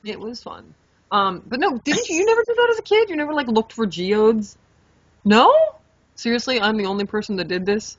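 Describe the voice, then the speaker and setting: A young adult woman co-hosting a podcast, telling a story in a lively, animated way, swearing freely and acting out her own reactions. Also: fairly high pitch, fairly quick. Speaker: podcast co-host. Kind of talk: casual storytelling chat. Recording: dull lo-fi podcast mic.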